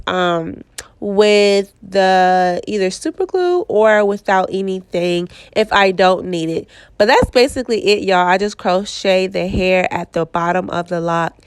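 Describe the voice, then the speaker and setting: A woman's voice: mid-range voice, clear, resonant tone, no echo. A young woman with a Southern US accent, stuffy and congested from a cold, chatting casually through a hair tutorial and checking in with "okay?". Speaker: hair stylist vlogger.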